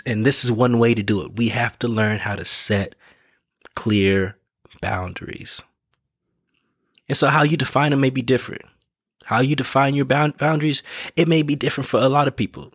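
A man's voice: fairly low pitch, fairly even intonation, normal speed, a bit bright, breathy edge, no room sound, clean studio sound. A man giving casual motivational advice in an earnest way, repeating his points, correcting himself and checking in with the listener. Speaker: vlogger giving life advice.

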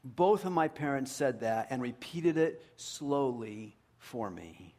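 A man preaching a sermon as pastor to his congregation. He speaks earnestly and often drops to a hushed voice for emphasis. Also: mid-range voice, animated, slow pace.

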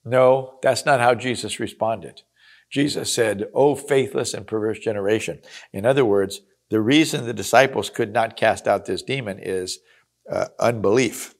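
Low-voiced man teaching through a Bible chapter. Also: moderate pace. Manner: earnest, conversational, reads scripture then explains it. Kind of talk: sermon-style Bible reading and teaching.

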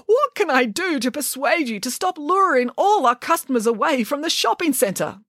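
A woman's voice: high-pitched, big pitch swings, normal speed, a bit bright, dry recording, studio quality, pitched above the performer's own voice. A woman doing a flustered, begging manager. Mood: pleading. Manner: begging and fretful. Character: flustered, pleading male shopping-centre manager.

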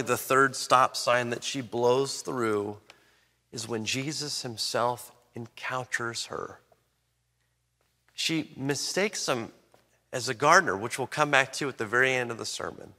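A man preaching a sermon, reading scripture and then explaining it with emphatic swings in pitch and loudness. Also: unhurried, vocal fry. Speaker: pastor. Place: church sanctuary. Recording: long reverb of a large hall.

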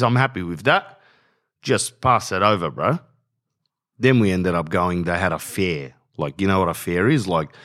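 A man's voice: lowish voice, fairly bright tone. A man hosting a podcast, rambling casually in slang and saying bro a lot. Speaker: podcast host. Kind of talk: casual rambling monologue with ad read.

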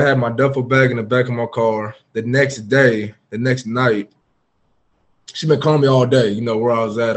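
A man guest on a podcast, candidly recounting a personal story in an earnest, open way with frequent fillers. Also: medium pitch. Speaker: podcast guest, former pro football player.

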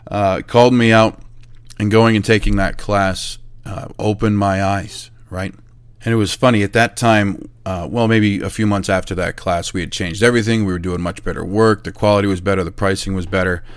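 A middle-aged man who owns a chimney service business tells a casual, animated story about his early work. He acts out the exchanges he describes and laughs at himself. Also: fairly low pitch, moderate pace, clean tone, no echo. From New Hampshire, USA.

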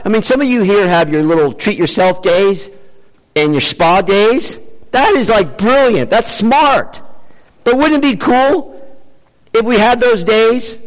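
A man preaching a sermon in an animated, emphatic way, changing his pace for effect. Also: sits high. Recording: long hall reverb.

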